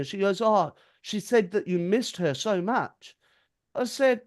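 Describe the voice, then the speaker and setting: A man's voice: sits high, normal speed, clear, resonant tone. A man, a podcast co-host telling a story in casual chat, acting out the quotes and swearing freely.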